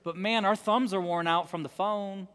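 A man preaching a sermon in a large church, with a high voice and an emphatic, repetitive delivery. He drops to hushed tones for effect, and his words trail off in a long reverb. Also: steady tone, normal speed, smooth. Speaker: pastor.

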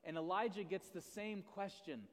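High-voiced pastor preaching in a reverberant hall. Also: male voice, normal speed. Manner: conversational, self-deprecating, asks the audience questions. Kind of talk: sermon. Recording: long reverb of a large hall.

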